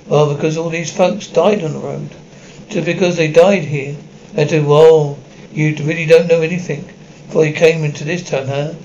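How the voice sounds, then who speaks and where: A man's voice: a little high, steady tone, normal speed, a little mellow, dull audio, a little hiss or hum. A man reading an anime episode script aloud. He reads the stage directions and all the parts in one plain voice and often stumbles over words. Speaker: script reader.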